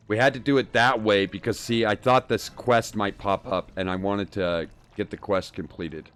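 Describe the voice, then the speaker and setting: A man's voice: on the low side, fairly even intonation, normal speed, few pauses, a bit bright, faint music behind. A man streaming a game playthrough, commenting in a casual, blunt way. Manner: casual, blunt, exclaims in disgust.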